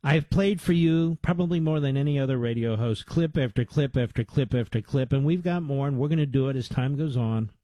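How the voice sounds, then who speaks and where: A man's voice: mid-range voice, brisk, hardly any pauses, warm tone, dry recording, low-quality recording. A man hosting a radio talk show, delivering emphatic commentary that builds with repeated lists. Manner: emphatic, repetitive lists, rising to urgent. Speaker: radio host.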